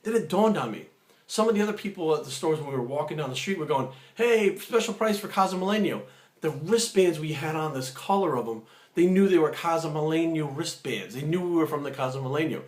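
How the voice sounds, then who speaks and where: A man telling a story in a casual vlog, animated, acting out other people's lines. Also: a little high, fast. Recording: echoey room.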